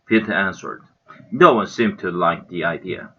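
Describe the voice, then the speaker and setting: A man's voice: on the low side, normal speed, bright, forceful tone, husky. A man with a Korean accent and Korean as his first language, reading a children's novel aloud earnestly, with small slips and restarts. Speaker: English reading channel host. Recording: slightly muffled lo-fi recording.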